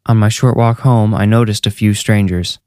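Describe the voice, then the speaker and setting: Deep-voiced male horror narrator. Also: steady tone, normal speed, a little mellow, dry recording, studio quality. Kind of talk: scripted first-person horror narration. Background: faint music.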